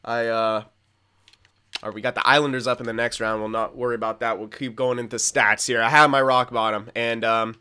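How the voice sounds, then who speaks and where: Young male gaming host, bright voice, frank and rambling, self-mocking laugh. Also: medium pitch, little pitch movement, brisk, clear, resonant tone. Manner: candid, rambling, swears often, laughs at himself. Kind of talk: casual gameplay commentary.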